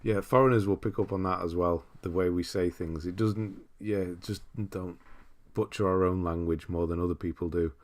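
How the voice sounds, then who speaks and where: Low-voiced man with a mild northern English accent. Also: normal speed, hardly any pauses. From northern England. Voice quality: relaxed, rambling, chuckles often. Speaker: streamer host. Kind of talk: casual livestream chat reading viewer comments aloud.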